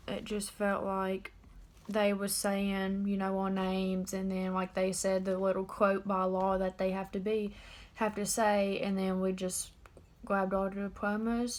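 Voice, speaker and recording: An eighteen-year-old woman talking straight to camera in a personal confessional vlog, subdued and halting. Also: mid-range voice. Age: about 18. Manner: subdued, halting and openly emotional. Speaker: vlogger.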